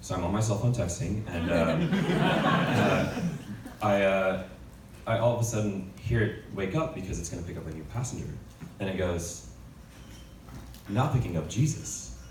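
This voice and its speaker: A man performing a stand-up comedy set, telling stories with sudden shouted punchlines and plenty of swearing. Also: low voice, expressive, normal speed, roomy sound, distant mic, background noise. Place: comedy club stage.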